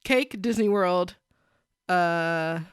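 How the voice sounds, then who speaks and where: A woman's voice: on the low side, drawn-out words, clear, resonant tone, dry recording, studio quality. A young woman co-hosting a casual podcast chat, giggly and chatty, filling her talk with likes and ums. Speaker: podcast co-host.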